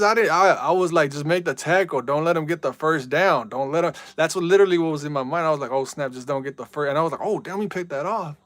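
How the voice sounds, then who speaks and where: A man live-streaming a football video game in casual chat, reading out viewer messages and yelling at big plays. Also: on the high side, fast talker, few pauses, dry recording, studio quality.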